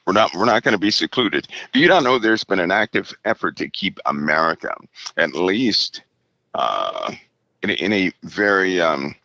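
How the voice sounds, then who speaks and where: Low gravelly man on a call. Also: big pitch swings, sharp tone, no echo, dull audio. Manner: halting, tags lines with "right?". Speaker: interview guest. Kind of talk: casual interview.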